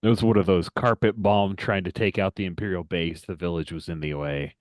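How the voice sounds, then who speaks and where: A man with a Southern US accent running a tabletop game as game master, relaxed and teasing. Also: deep voice, brisk, no echo.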